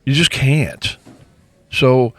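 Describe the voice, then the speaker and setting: A middle-aged man co-hosting a podcast, talking in an earnest, casual way with many restarts and a slightly hoarse throat. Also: mid-range voice, drawn-out words. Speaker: podcast co-host. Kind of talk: casual chat.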